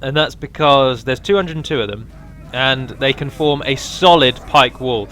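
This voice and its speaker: A man's voice: mid-range voice, moderate pace, pushed and bright, a little hiss or hum. A man giving a casual, rambling walkthrough of a strategy game mod, with frequent ums and restarts.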